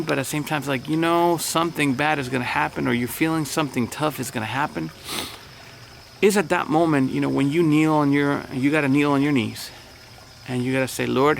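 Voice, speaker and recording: Male pastor, slightly high gravelly voice, easygoing chatty delivery, faint cricket noise outdoors. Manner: relaxed, chatty, many fillers. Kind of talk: casual devotional talk.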